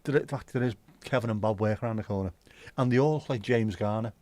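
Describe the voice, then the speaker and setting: A man's voice: lowish voice, fast talker, darkish tone, no room sound. A man hosting a casual livestream, rambling chattily with sweary asides. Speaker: livestream host. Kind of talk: casual solo livestream chat. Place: home.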